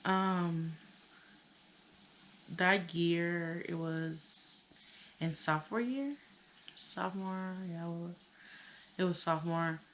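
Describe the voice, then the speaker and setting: A woman in her thirties telling a personal story on her channel, tearful and halting, with many pauses and fillers. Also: lowish voice, steady tone, a little hiss or hum, low-quality recording. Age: 30s. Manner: hesitant, halting, full of "you know". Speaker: vlogger.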